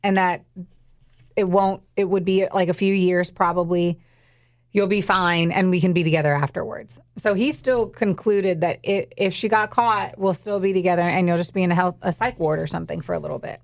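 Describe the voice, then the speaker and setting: A woman's voice: fairly low pitch, fairly even intonation, a little fast. A young woman co-hosting a podcast, retelling a true-crime case in casual, profane, emphatic chat. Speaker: podcast co-host.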